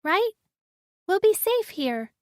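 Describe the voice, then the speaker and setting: An eager little girl of about five, as a woman narrator puts her on, chirping high and bright. Her voice jumps well above the narrator's own. It sits close and dry in the audiobook, with no room around it. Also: very animated, takes it slowly, dry recording, full character voice.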